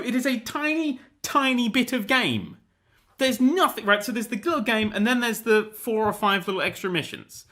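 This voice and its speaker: A young man hosting a gaming show, ranting in a casual, animated, sweary, exasperated way. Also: high-pitched. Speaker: gaming host. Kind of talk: casual rant about a video game.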